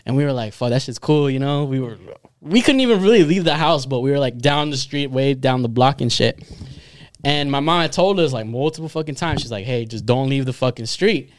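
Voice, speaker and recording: A man's voice: medium pitch, brisk. A young man on a podcast, casually telling a story, swearing a lot and laughing often. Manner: profane, animated, laughs often. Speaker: podcast co-host.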